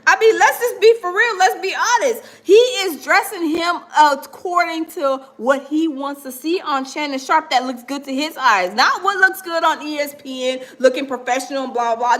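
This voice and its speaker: A woman hosting a gossip livestream, chatting with viewers in an animated, emphatic way. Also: sits high, moderate pace. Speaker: gossip show host.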